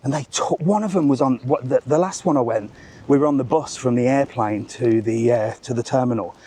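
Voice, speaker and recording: A man hosting a live travel vlog, telling a story as an animated, swearing rant while walking outdoors. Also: mid-range voice, fairly quick, slightly rough. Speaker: travel vlogger, live stream host. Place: outdoors among bars and restaurants.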